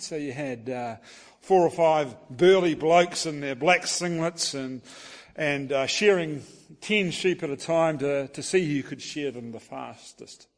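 A New man gives a sermon in a storytelling way, often restarting and saying "sort of". His voice sits a little high for a man. The sound carries a long hall reverb. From New Zealand. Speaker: preacher.

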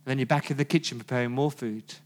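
A man's voice: medium pitch, fast. A man giving a sermon as pastor, telling the story conversationally with rhetorical questions.

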